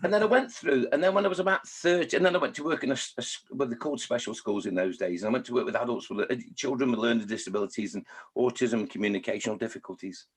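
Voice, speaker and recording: A man in his sixties, from Scotland and raised in Staffordshire, tells his life story in an interview. His voice is husky and of middling pitch. He talks in a chatty, self-mocking way. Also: rapid-fire. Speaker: children's poet and author.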